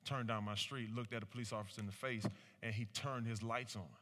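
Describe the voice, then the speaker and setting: A man's voice: lowish voice, brisk. A man giving a preaching-style talk to a live audience, asking rhetorical questions and calling for responses. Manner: animated, rhetorical questions, acts out quoted voices. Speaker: speaker at a community talk. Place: large room with an audience. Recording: reverberant hall.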